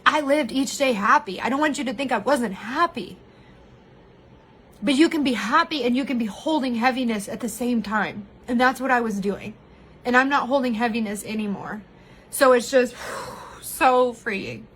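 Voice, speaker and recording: A woman's voice: a little high, moderate pace, a bit bright, slight background noise. A woman streaming live to her viewers, talking candidly and from the heart about her marriage, laughing often. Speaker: vlogger sharing personal story. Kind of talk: emotional live-stream monologue.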